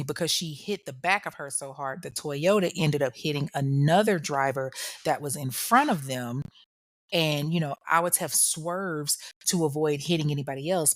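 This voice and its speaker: A woman with a notably low voice hosts a true crime podcast, recounting events in a casual, slangy way. She talks straight to the listener as if chatting with a friend. Her voice sits close and dry on the mic, with no room sound. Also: no echo. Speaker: podcast host.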